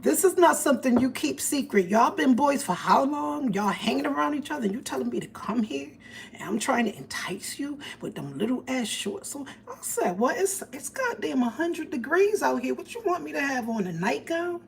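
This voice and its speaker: A woman with tells a story on her livestream in an animated, profane way. Her voice sits a little high, and she acts out each person she quotes. Faint background noise hums under her. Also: normal speed, gravelly, low-quality recording. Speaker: livestream host. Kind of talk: casual storytelling.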